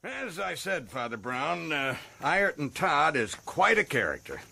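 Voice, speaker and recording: A brash prison governor. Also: male voice, a little high, wildly swooping pitch, a little slow, creaky, bright, forceful tone, full character voice. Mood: chatty. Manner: folksy, boastful, chuckling. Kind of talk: radio drama acting.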